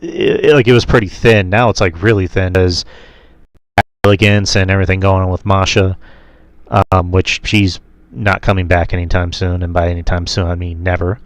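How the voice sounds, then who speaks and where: A man's voice: low-pitched, level tone, moderate pace, no echo. A man hosting a casual wrestling review chat, rambling with many fillers and restarts. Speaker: podcast host.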